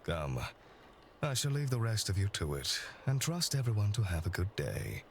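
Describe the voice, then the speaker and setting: Stately game Marquess, very deep voice, English-sounding accent, formal diction. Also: male voice, very animated, normal speed, slight background noise. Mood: courteous. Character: aristocratic Marquess landowner, formal and composed. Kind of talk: game voice acting.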